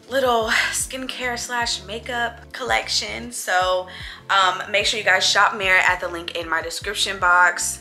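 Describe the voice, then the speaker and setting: Young woman vlogger, bright and playful, casual chat to camera. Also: medium pitch. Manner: chatty, playful, talks to viewers as girls. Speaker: beauty vlogger. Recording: faint music behind.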